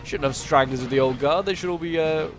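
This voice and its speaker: A man's voice: fairly high pitch, brisk. A man giving casual gameplay commentary, thinking aloud and rambling with many fillers as he talks through a strategy battle. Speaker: game commentator. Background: background music.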